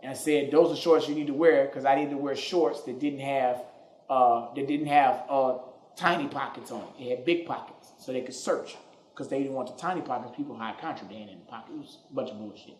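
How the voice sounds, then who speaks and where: A man hosting a podcast, telling a comedic story in an animated, profane way, recorded in an echoey room. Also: mid-range voice, a little fast. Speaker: podcast host.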